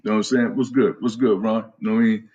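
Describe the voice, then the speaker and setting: A man talks to his viewers as a fitness trainer on a casual stream, in a lowish, husky voice. He is blunt and profane, trash-talking his audience about getting in shape. He breaks off to greet people by name. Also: level tone, quick pace, darkish tone, highs cut off.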